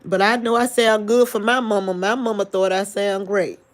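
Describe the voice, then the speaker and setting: A woman in a late-night livestream talking to her viewers, grieving and tearful, halting often with restarts. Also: medium pitch, fairly even intonation. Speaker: livestream vlogger.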